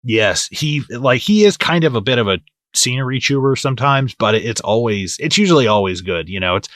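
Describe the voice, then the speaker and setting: A man's voice: mid-range voice, animated, brisk, a bit bright, no room sound, clean studio sound. A man co-hosting a movie podcast in casual, profane chat who often acts out lines from the film. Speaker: podcast co-host.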